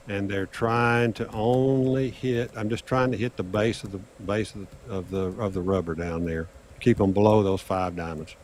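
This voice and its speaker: An older man with a drawl tells a casino story. He is lively and animated, and his voice jumps up when he acts out the exchanges. This is a loose, casual chat between friends. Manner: animated, acts out dialogue with raised pitch. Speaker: guest storyteller on craps livestream.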